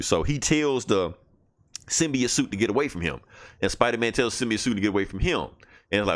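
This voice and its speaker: A man's voice: on the low side, animated, fairly quick, fairly bright tone. A man hosting a podcast who casually retells a story, rambling and swearing freely. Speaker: podcast host. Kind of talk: casual chat.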